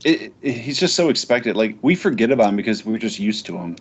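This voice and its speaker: A man chats loosely about fighting game tournaments in a rambling, profane way. His voice is on the low side. The recording is dull and lo-fi. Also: expressive, a little fast, slight background noise. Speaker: podcast host. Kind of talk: casual gaming podcast chat.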